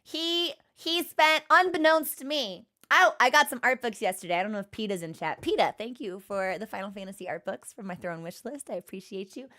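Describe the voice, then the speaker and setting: Woman streamer, casual rambly chat, slightly high voice. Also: animated, pushed and bright. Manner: chatty, rambling, quick to laugh.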